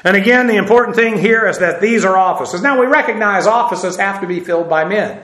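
A man with a high, bright voice teaches scripture verse by verse, explaining the Greek grammar of each phrase and spelling terms out letter by letter. He talks with many "uh" fillers and throws in self-deprecating asides. The sound carries a roomy echo. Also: brisk. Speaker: Bible teacher.

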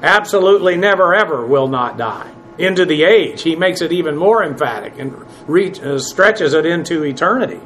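Halting, higher-voiced male Bible teacher. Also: animated, fairly bright tone, slight background noise, rough recording. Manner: halting, many fillers and self-corrections, plain-spoken. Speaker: pastor.

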